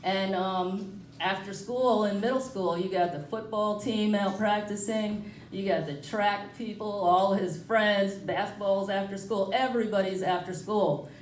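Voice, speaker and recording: A woman's voice: medium pitch, steady tone, a little slow, slight background noise. A woman doing a rambling, self-mocking stand-up comedy set at a brewery comedy night. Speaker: stand-up comic. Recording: echoey room, from far off.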